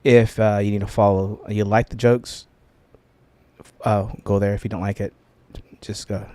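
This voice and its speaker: A man's voice: on the low side, flat delivery, moderate pace, dark tone, dry recording. A middle-aged man from California's Central Valley, a podcast producer interviewing his host in a casual, joking way, laughing often and restarting his sentences. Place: home podcast studio.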